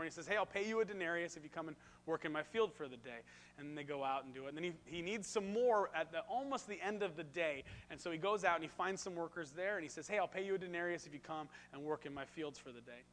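A man's voice: a little high, a bit bright. A man preaching a sermon, speaking animatedly and putting questions to the congregation. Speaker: pastor.

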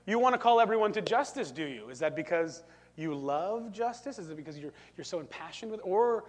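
A preacher in a church doing a hushed impression of a suspicious male philosopher, humming and asking probing, skeptical questions. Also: sits high, lively intonation. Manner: quiet drawn-out hums, probing skeptical questions. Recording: long reverb of a church.

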